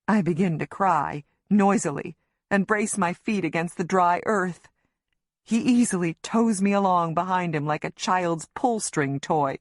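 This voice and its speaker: A woman reading a thriller audiobook in the first person, in a slow and measured telling that keeps the tension up. Her voice sits in the middle of the range. The studio sound is close and completely dry. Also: lowish voice, dry recording. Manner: measured, tense storytelling. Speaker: audiobook narrator.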